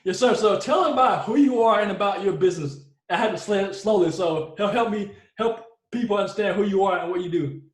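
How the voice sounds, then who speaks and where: A man's voice: high-pitched, fairly quick, few pauses. A man hosting a podcast, friendly and welcoming as he asks his guest questions. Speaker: podcast host. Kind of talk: interview hosting. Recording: echoey room.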